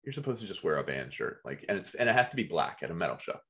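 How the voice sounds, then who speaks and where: A man co-hosting a casual podcast, quick to tease and chime in. He speaks in a lower register, but his pitch swings widely as he jokes. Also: very animated, fairly bright tone. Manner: teasing, quick interjections, laughs often. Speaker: podcast co-host.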